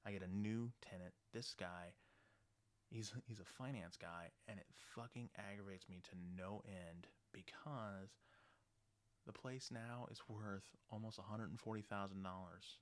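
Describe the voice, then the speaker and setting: A man telling a story casually, blunt and animated, swearing freely. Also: fairly low pitch, a little slow.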